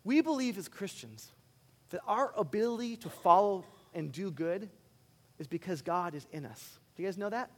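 A man preaching a sermon as a pastor, animated and swinging between loud emphatic bursts and quiet, earnest asides. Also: sits high, moderate pace, long reverb tail.

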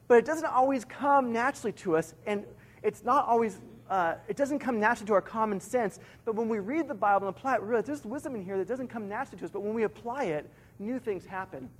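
A middle-aged man preaching a sermon, earnest, slowing down to repeat each key point for emphasis. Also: high voice. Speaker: pastor.

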